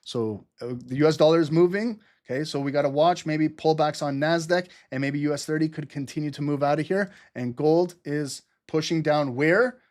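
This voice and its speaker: Hype trading-stream host, a man with a slightly high voice, quick, loose and profane. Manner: excited, fast-talking, laughs often, swears casually. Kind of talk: live trading commentary.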